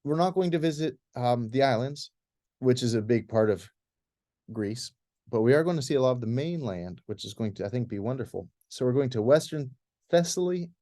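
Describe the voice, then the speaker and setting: A man's voice: medium pitch, brisk. A man giving an informal, conversational presentation to a church group about a planned trip, leading it as clergy. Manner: relaxed, conversational with many restarts. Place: church hall.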